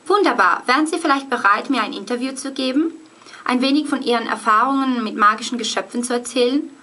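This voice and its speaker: A woman's voice: high voice, normal speed, gravelly, fairly bright tone, full character voice. A woman reading as an eager, gossiping journalist. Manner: read aloud, breaking into giggles.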